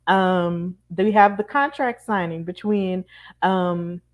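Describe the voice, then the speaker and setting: A woman host closes out a casual wrestling talk show with a relaxed delivery, and her speech is full of fillers. Her voice sits at an ordinary middle pitch. She sounds easygoing as she lists upcoming matches and thanks viewers. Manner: relaxed, uses many fillers.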